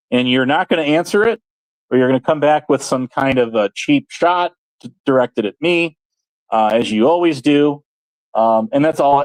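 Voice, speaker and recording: A man's voice: a little high, dry recording, low-quality recording. A man hosting his own channel, ranting in a rambling, sarcastic, aggrieved way and swearing freely. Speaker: channel host. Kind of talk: casual ranting monologue.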